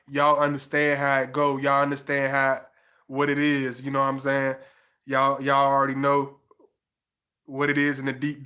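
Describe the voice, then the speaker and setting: A man hosting a livestream, chatting casually and warmly with viewers. His voice sits a little high and sounds bright and forceful. His talk loops and repeats, full of slang and fillers. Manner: loose, repetitive, affectionate slang, many fillers. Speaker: livestream host.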